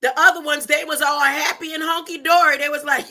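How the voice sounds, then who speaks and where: A woman's voice: sits high, steady tone, fairly quick, few pauses, bright, forceful tone. A woman hosting a podcast, teaching scripture informally in a conversational way and retelling the story in her own words. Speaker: podcast host.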